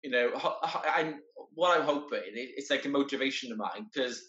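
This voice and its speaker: This wheelchair marathon entrant, appearing as a guest, sounds pushed and bright as he talks casually in his middle-range voice. He's earnest but halting, circling back over what he's said, and the video call audio comes across roomy, a bit dull, and lo-fi.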